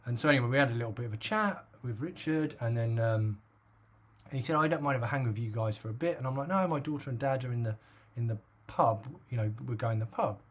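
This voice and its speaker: A husky middle-aged man from England rambles through a story in casual podcast chat. He fills his talk with "like" and "obviously" and laughs as he goes, at an average pitch. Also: quick pace. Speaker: podcast co-host.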